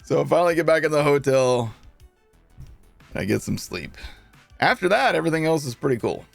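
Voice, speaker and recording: A man's voice: a little high, fairly quick, vocal fry, no room sound, soft background music. A man streaming a game, casually telling his chat a long story, laughing and acting out what people said. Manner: animated, laughing, acts out quotes.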